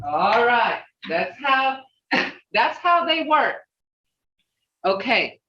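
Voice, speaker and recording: A language teacher leading an online class, sounding out syllables slowly, one at a time. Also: mid-range voice, very animated. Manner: slow, drawn-out syllable drilling. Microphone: video call. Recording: echoey, dull video call audio.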